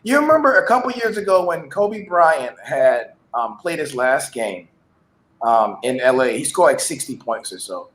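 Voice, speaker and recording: A man's voice: mid-range voice, sing-song, moderate pace, fairly bright tone. A man on a podcast, laid-back and drawling, often adding "man" as he jokes. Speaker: podcast guest. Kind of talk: casual comedic chat. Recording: echoey room.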